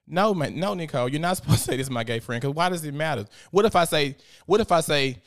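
A young adult man with chats casually, telling profane stories. He slips into the voices of the people he quotes, and his pitch leaps up sharply as he does. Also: quick pace, hardly any pauses. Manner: animated, profane storytelling with many quoted voices. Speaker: podcast host. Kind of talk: casual chat.

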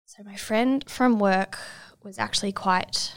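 A young woman in her twenties, giving a reflective, halting personal testimony in an interview. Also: mid-range voice, clean tone. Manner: reflective, halting, many fillers.

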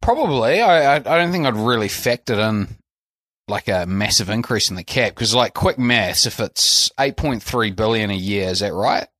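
A man's voice: on the low side, lively intonation, moderate pace, fairly bright tone, no room sound, studio quality. A man with a New Zealand accent co-hosting a podcast in casual chat, laughing and rambling through restarts. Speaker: podcast co-host.

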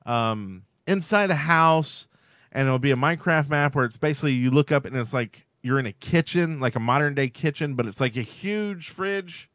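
On a dry recording, this male co-host's fairly high, fairly bright voice comes across as expressive at a moderate pace. He chats casually on the podcast, rambling and dropping "like" again and again.

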